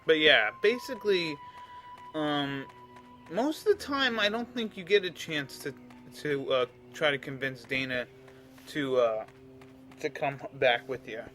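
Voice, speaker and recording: Bright-voiced rambling let's play man. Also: fairly high pitch, expressive, a little slow, soft background music. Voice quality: rambling, chatty, frequent restarts. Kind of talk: casual game commentary.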